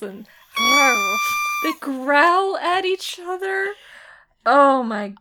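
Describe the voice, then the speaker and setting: A woman's voice: high voice, lively intonation, drawn-out words, heavy background noise. A woman chatting about a TV episode, enthusiastically retelling scenes and quoting the characters. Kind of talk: casual chat recapping a TV episode.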